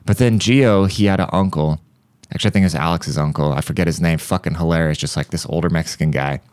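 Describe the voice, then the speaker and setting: Deep-voiced man telling profane stories. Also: fast, a little mellow, dry recording. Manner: profane, rambling, breaks into mouth-made beat sounds. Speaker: podcast host. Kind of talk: casual comedic storytelling. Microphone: studio podcast mic.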